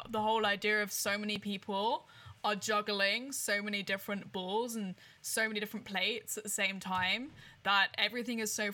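Woman podcast host, bright forward voice, encouraging, sums up lessons from the guest's story. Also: medium pitch. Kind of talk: casual podcast interview.

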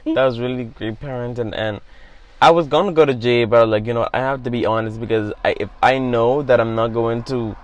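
A man's voice: medium pitch, brisk. Earnest young man hosting a podcast. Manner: earnest, appreciative. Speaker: podcast host. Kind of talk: casual conversation.

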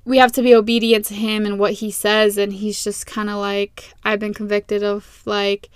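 Chatty young woman, smooth dry voice. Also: medium pitch, normal speed, no room sound. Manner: chatty, animated, repeats phrases, laughs at herself. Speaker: podcast host. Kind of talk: casual faith podcast monologue. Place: small closet. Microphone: close podcast mic.

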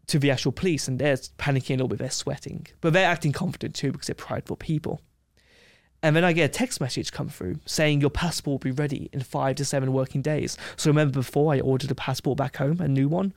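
A man's voice: mid-range voice, fast, no echo, clean studio sound. Brash man telling a story. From England. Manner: brash, cocky storytelling with acted quotes. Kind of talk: casual anecdote.

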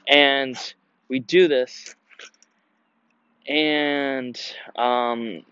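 A young man hosting his own podcast outdoors, telling a story casually in a relaxed, slangy way with lots of fillers and restarts. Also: medium pitch, extremely slow, clear, resonant tone, dry recording, highs cut off. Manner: laid-back, slangy, many fillers and restarts. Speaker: podcast host. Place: outdoors in nature.

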